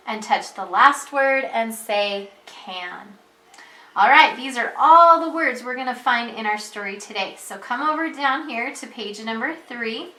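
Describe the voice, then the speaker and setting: With patience and an unhurried pace, a preschool teacher guides little kids through a reading lesson. Her voice is bright and slightly high, musical in its rise and fall, jumping into eager calls during read-aloud moments while the room echoes around her.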